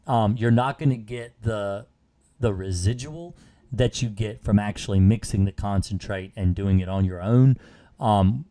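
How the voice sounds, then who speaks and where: A man's voice: on the low side, mellow. Tired man explaining pest treatment. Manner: plain, instructive, repeats himself. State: tired, hiccups. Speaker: pest control host. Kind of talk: live stream tutorial.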